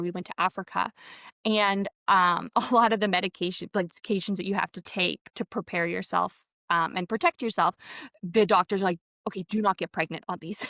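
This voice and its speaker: A woman talking as an interview guest, mid-pitched and close to a dry mic. She rambles and circles back with lots of fillers. She often slips into quoting herself and others. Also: pushed and bright, no echo. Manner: rambling, many fillers, acts out quotes. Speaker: podcast guest. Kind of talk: conversational interview.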